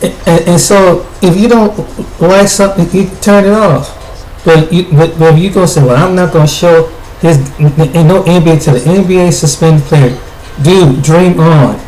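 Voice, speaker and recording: Speaking at a normal speed in a steady, slightly mellow, higher-pitched voice, a man from the US offers frank commentary for a video. He trips over words, repeats himself, and keeps starting over, all in an echoey room with a little noise.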